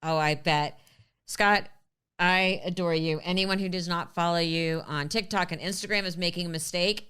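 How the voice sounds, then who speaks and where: A woman's voice: fairly low pitch, steady tone, moderate pace, bright, forceful tone, smooth. A woman hosting a casual interview, asking teasing questions and laughing often at her guest's stories. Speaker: host.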